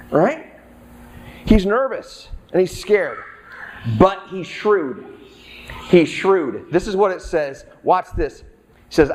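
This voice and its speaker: A man's voice: sits high, animated, a little slow, slightly rough. A middle-aged male pastor preaching a sermon in a conversational way, acting out the characters' lines.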